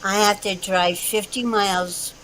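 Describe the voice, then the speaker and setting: A woman telling an animated, chatty anecdote with dry asides. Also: mid-range voice, unhurried, a little hiss or hum, rough recording. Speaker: storyteller. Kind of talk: casual chat.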